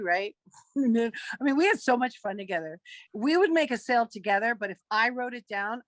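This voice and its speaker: A woman's voice: mid-range voice, no room sound. A woman in her fifties, a guest actress, telling stories in a casual interview and acting out the dialogue as she goes. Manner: lively storyteller who acts out quoted dialogue.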